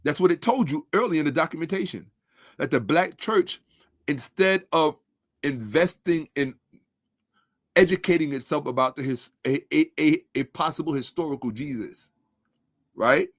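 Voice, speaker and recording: A man's voice: a little high, normal speed, no room sound, clean studio sound. A man in a combative commentary monologue, sarcastic and repeating his points for emphasis, dropping to a mutter while he checks his screen.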